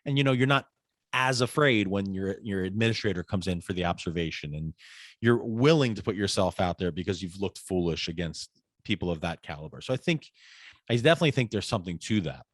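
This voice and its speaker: A man in his forties, a podcast guest, chatting casually and telling animated stories that act out the people in them. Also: low-pitched, fairly quick, no echo, studio quality. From United States. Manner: animated storyteller, acts out quoted voices. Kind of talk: casual interview conversation.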